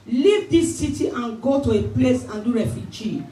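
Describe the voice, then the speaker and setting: A woman pastor preaching a sermon, rising to shouted exhortations and calls for hallelujah. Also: fairly high pitch, lively intonation, normal speed, hardly any pauses. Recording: echoey church hall, mic from far off, faint hiss.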